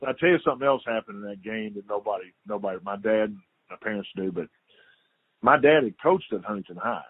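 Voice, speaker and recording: A man's voice: on the low side, fairly quick, slightly rough, no echo. An older man, a former football player, telling stories as a guest in a casual interview, repeating his words and acting out quotes. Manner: lively storyteller, repeats words, acts out quotes. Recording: tinny dry phone line.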